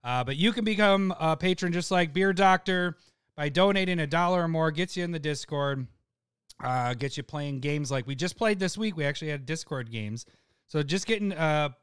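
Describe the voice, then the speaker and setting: Smooth-voiced man on a live podcast. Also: a little high, no room sound, clean studio sound. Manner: laughing, loose and rambling, reads out patron shout-outs. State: hiccups and eating hot peppers. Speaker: podcast co-host. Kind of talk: casual live podcast chat.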